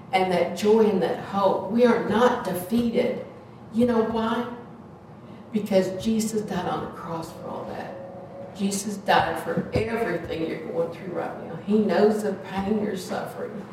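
A woman's voice: mid-range voice, dark tone. An earnest woman preaches and prays in a plain, conversational way, leaning hard on her key words. Her voice rings through a very echoey church hall, picked up from some distance. A faint hiss sits underneath. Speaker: lay preacher leading prayer. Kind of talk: informal sermon and prayer. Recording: echoey hall, mic far off.

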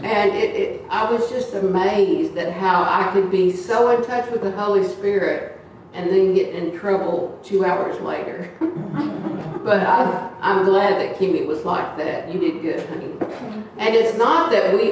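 A woman preaching to a church congregation, telling animated stories and acting out the voices of the people in them. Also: mid-range voice, unhurried. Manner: animated, acts out voices in her stories, laughs often. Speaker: church speaker. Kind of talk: storytelling sermon. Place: church hall. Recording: echoey church from far off, faint noise.

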